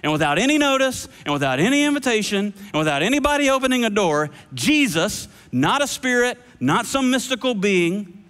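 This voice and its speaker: A man preaching a sermon, animated and playful with shifting voices. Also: high voice, brisk, smooth. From United States. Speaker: pastor. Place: large church hall. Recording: long hall reverb.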